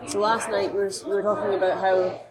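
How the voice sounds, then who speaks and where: A woman's voice: mid-range voice, little pitch movement, quick pace, a crowd in the background. Chatty woman telling stories. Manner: chatty, anecdotal, lots of fillers. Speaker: dog behaviourist, podcast co-host. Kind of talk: casual conversation.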